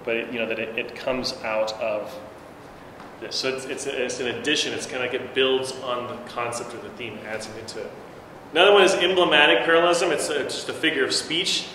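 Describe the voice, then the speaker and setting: A man's voice: medium pitch, steady tone, brisk, sharp tone. Casual man teaching a church class. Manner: loose and conversational, many fillers and restarts. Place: church room. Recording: very echoey long-reverb room with faint noise.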